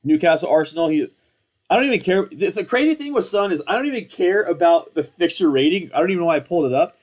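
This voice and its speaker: A young man in casual commentary, excitable and rambling, slangy and self-mocking, hyped up on coffee. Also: high voice, quick pace. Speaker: fantasy football content creator.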